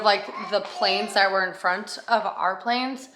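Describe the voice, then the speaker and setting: A woman's voice: mid-range voice, fairly even intonation, slow pace, hardly any pauses, background noise. Young woman vlogger, casual and rambling, mid-range voice. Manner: chatty, rambling, heavy use of "like". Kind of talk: casual vlog chat to camera.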